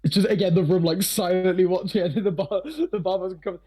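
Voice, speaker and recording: A high-pitched man runs a tabletop game with loose, rambling narration. He swears freely, laughs often and fills every gap with fillers. His voice sounds slightly hoarse. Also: steady tone, fast talker, dark tone. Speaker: game master.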